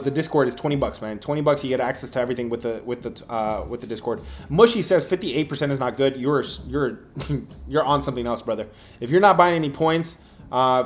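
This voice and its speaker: A man hosts a sports betting livestream. He talks in a loose, slangy way with lots of fillers and lively bursts of energy, reading chat and calling out his picks. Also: mid-range voice. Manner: animated, slangy, many fillers. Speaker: livestream host and sports handicapper.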